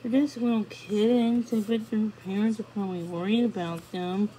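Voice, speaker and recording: A soft, worried little pup girl, as a woman reads her. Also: mid-range voice, steady tone, normal speed, a little hiss or hum, natural voice, low-quality recording. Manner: soft, concerned pleading. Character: worried, kind-hearted young female pup.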